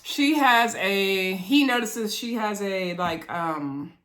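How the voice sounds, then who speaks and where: A woman's voice: mid-range voice, slow pace, fairly bright tone. Chatty woman recapping reality TV. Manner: chatty, laughs often, talks to viewers as y'all. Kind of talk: casual chat to viewers.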